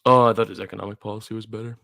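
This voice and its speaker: A man's voice: fairly low pitch, steady tone, rapid-fire, vocal fry, fairly bright tone, no echo. A man calling into a debate panel, arguing in a self-assured way. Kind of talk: casual debate.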